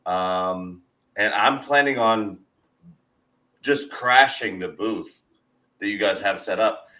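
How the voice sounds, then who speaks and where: A man co-hosting a podcast in casual chat, joking and animated. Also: lowish voice, takes it slowly, low-quality recording. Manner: joking, animated, laughs easily. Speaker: podcast co-host.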